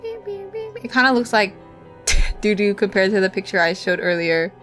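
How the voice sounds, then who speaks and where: Young woman, streamer, rambling casual chat, giggly, crisp bright tone, faint music behind. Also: mid-range voice, big pitch swings, a little slow. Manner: rambling, giggly, talks while eating.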